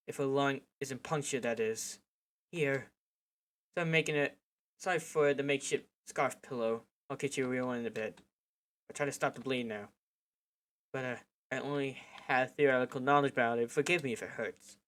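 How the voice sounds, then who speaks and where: A man reading a visual novel aloud for his gaming channel, breaking off now and then to react with loud swearing. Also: medium pitch, normal speed. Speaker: gaming video creator.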